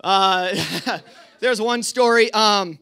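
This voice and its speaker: A young man tells stories to a youth group in a loose, rambling style, full of "like" and "um". His voice sits high and sounds bright and sharp. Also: steady tone, drawn-out words, smooth. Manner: casual, rambling, full of fillers. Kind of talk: storytelling talk to a youth group.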